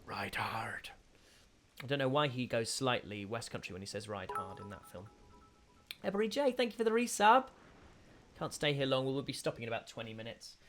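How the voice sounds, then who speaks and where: A man's voice: medium pitch, big pitch swings, fast talker, faint music behind. A man, chatting casually while streaming a video game and thanking viewers in chat. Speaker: streamer and voice actor. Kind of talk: casual live-stream gameplay commentary.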